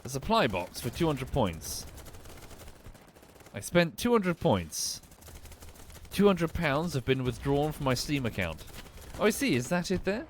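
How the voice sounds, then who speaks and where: A man's voice: fairly high pitch, sing-song, measured pace, long pauses, slight background noise. A young man with a well-spoken southern English accent, chatting casually and thinking aloud as he streams a game and thanks viewers. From England. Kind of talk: live gameplay commentary and chat.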